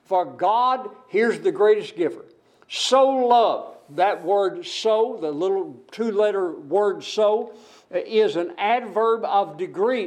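A man with a notably high voice delivers a sermon. He builds each point through emphatic repetition and keeps putting rhetorical questions to his listeners. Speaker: preacher.

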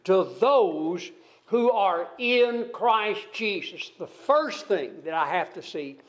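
High-voiced man preaching a sermon. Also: lively intonation, takes it slowly. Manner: reads scripture aloud, then explains verse by verse; asks the congregation questions. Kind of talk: expository sermon.

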